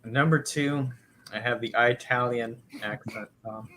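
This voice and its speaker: A man's voice: mid-range voice, steady tone, a little slow, a bit bright, slight background noise. A man co-hosting a casual comedy podcast, joking around and slipping into silly impressions. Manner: jokey, slips into silly impressions. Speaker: podcast co-host.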